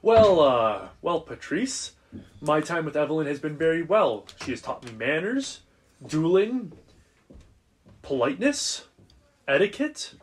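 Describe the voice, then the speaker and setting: A man's voice: fairly high pitch, sing-song, measured pace, pauses often. A man voicing a prim, mannerly young noble student who talks pompously.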